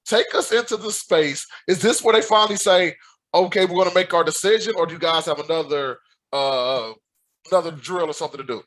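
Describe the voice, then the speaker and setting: A man hosting a podcast, prompting his guest in a relaxed, conversational way. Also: fairly high pitch, brisk. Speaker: podcast host. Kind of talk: casual interview.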